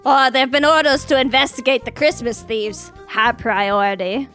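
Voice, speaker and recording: A relaxed young pigeon student, voiced by a woman. He talks in an easygoing, unhurried way, his voice high and bright. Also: faint music behind.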